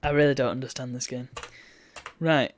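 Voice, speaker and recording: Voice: mid-range voice, fairly even intonation, normal speed. A game streamer giving chatty, wry let's-play commentary and reading on-screen text aloud.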